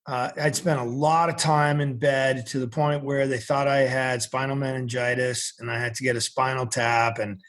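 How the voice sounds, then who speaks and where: A man's voice: medium pitch, moderate pace, few pauses. A middle-aged man from central Massachusetts, a podcast guest telling vivid stories. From central Massachusetts, USA. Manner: vivid storyteller, animated. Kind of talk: storytelling in an interview.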